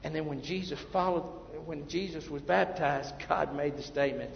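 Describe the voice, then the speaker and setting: A male pastor preaching a sermon, emphatic, then dropping to quiet asides. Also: fairly high pitch, moderate pace, vocal fry, a little hiss or hum. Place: church sanctuary. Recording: muffled, echoey church hall.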